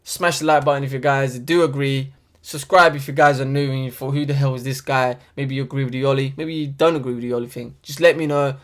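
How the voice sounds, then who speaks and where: A man's voice: mid-range voice, steady tone, quick pace. Young man ranting heatedly. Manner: heated, exasperated ranting with slang. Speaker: football fan vlogger. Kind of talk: ranting vlog. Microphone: desk USB microphone.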